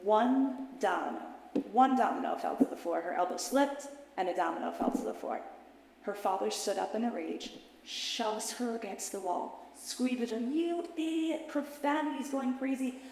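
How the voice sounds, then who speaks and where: A woman speaking as a mentor and teacher, telling an emotional story to an audience in a dramatic way that drops to a hush and rises loud and high. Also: animated, moderate pace, vocal fry, a little hiss or hum. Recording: echoey hall with long reverb.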